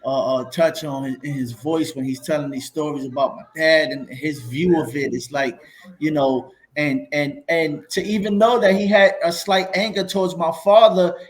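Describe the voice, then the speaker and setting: New man, fairly high voice, warm-hearted slangy podcast co-host. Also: fairly even intonation, moderate pace, poor audio. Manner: heartfelt and loose, with restarts and slang. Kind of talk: casual interview talk.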